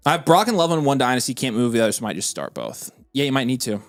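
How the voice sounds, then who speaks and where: A man co-hosting a casual fantasy football livestream, reading chat aloud in an animated, excitable way. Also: medium pitch, faint music behind. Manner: animated and excitable, quick to vent frustration.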